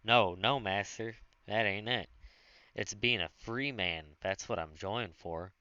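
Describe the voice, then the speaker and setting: A gentle, devoted servant man speaks with earnest feeling, voiced by a male audiobook reader. The voice sits low and the recording is dull and dry, without room sound. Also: takes it slowly, no echo. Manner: earnest and pleading.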